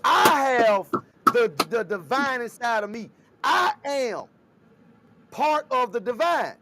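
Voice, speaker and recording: A man co-hosting a casual talk show, retelling scripture scenes in an animated, storytelling way. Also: very high voice, slow, slight background noise. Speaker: co-host.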